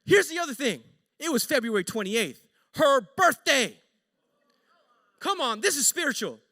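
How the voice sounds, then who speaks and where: High-voiced pastor dude telling a story, jokey and animated, bright tone, big echoey church. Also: male voice, moderate pace. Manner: animated, joking, conversational. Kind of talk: sermon storytelling. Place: church sanctuary.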